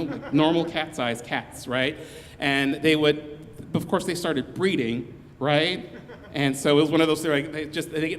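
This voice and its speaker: A man telling a comic story live on stage, rambling along with restarts and quick asides. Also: on the high side, in a large hall, a little hiss or hum.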